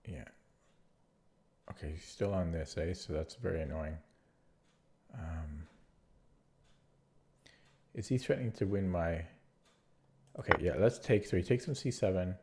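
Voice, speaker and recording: Against a noisy background, a man with a deep voice talks unhurriedly and pauses often. Nasal and congested from allergies, he hesitantly mutters his online chess moves to himself, thinking aloud about the game.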